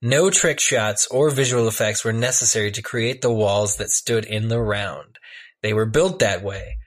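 A man's voice: lowish voice, measured pace. A man co-hosting a podcast in casual chat, rambling with frequent restarts and easy laughter. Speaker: podcast co-host.

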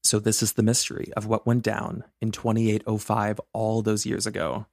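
Man, podcast co-host, chatty, playful, low voice, dry sound. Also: monotone, normal speed, gravelly, a little mellow, no room sound. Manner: chatty, playful, laughs often. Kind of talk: casual true-crime podcast chat.

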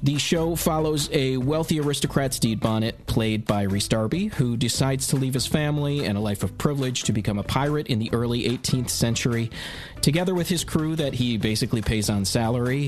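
Upbeat male podcast host. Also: mid-range voice. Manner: upbeat, promotional reading. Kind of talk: scripted intro and interview questions.

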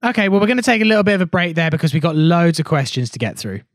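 A man's voice: fairly high pitch, very animated, racing, no echo, clean studio sound. A man hosting a podcast, breezily reading out listener questions with jokey asides. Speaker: podcast host. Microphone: online podcast call.

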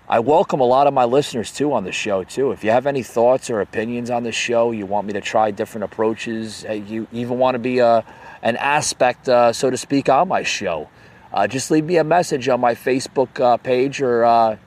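A man's voice: mid-range voice, normal speed, a little mellow. Heated man hosting an opinion podcast. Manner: heated, repetitive, many "you know"s. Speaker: podcast host. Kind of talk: unscripted opinion podcast rant.

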